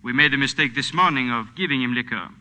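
Coldly polite officer, radio play, smooth menace, bright tone. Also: male voice, mid-range voice, fast talker, big-room sound. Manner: silky, coldly polite, threatening. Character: menacing suave police captain, middle-aged man. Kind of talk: 1940s radio acting.

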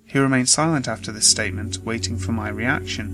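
A man reading a scripted first-person horror story in a steady, measured way, with faint music behind. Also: medium pitch, low-quality recording.

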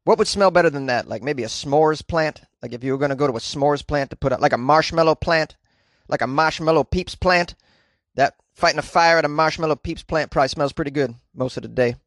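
A male comedian hosts his own news podcast from a small closet, joking and riffing loosely between stories. His voice sits a little high for a man. The closet gives a close, dry sound with no room echo. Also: a little fast, fairly bright tone. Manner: jokey, playful, loosely riffing asides.

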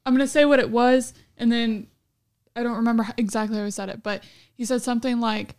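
A woman with a smooth, clear voice pitched a bit high, joining a casual podcast chat. She backs up the storyteller and adds details. The sound is dry and close. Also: steady tone, fast talker, darkish tone, no room sound.

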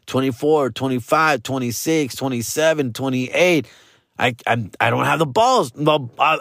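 A Los Angeles-area comedian casually tells stories packed with slang and profanity, acting out the voices of the people he quotes. His medium-pitched, fairly bright voice moves a little slowly, captured in a dry, studio-quality recording.

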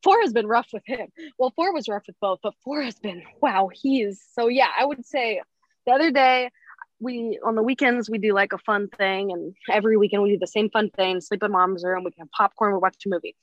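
A woman's voice: medium pitch, fairly quick, no room sound, muffled recording. A woman, a mother of young children, chatting casually as a podcast guest and acting out quoted dialogue with lots of laughter. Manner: animated, acts out quoted dialogue, laughs often. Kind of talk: casual storytelling chat.

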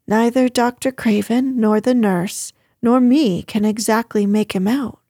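A woman's voice: fairly high pitch, fairly even intonation, measured pace, warm tone, no echo, studio quality. A woman reading the lines of a flustered, deferential middle-aged housekeeper who speaks in a fussy, hesitant way.

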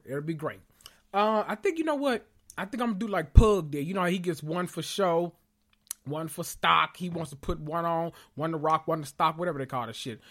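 A man hosting a casual podcast, excitable and swearing freely as he calls out to listeners, a little out of breath and sweating after a big meal. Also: on the high side. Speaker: podcast host. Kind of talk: casual pop-culture recap podcast.

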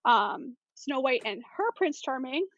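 A woman's voice: high-pitched, expressive, a little slow, highs cut off. A woman talking as a podcast guest in casual chat, chatty with many fillers.

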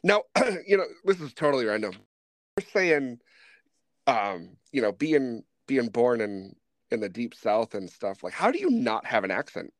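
A middle-aged man with a Northern US accent, hosting a casual interview in a relaxed, rambling way with many fillers. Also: medium pitch, unhurried, no room sound. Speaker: podcast host.

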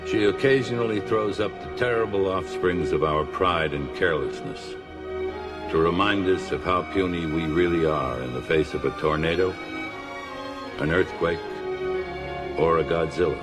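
A man giving slow, solemn narration for a monster film. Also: low voice. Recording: loud music behind the voice.

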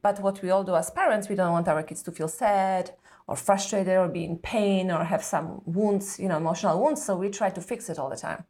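A woman's voice: on the low side, a little fast, a little mellow. A middle-aged woman speaking as a parenting expert guest in an earnest, conversational coaching manner, often checking in with "correct?" and "right?".

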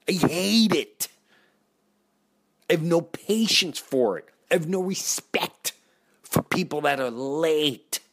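A man and comedian hosting a podcast, telling exasperated, animated comic stories and acting out voices. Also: mid-range voice. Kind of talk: comic storytelling.

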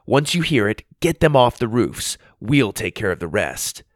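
A man's voice: medium pitch, sing-song, moderate pace, no echo. Guy reading as a shy kid from the village, kinda hesitant, dry close sound. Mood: plotting. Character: village boy, shy and unsure of himself.

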